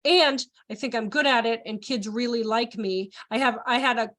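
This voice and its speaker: High-voiced, animated woman trainer. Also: moderate pace. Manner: animated, acts out voices, laughs often. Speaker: child care trainer. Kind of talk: live online training presentation.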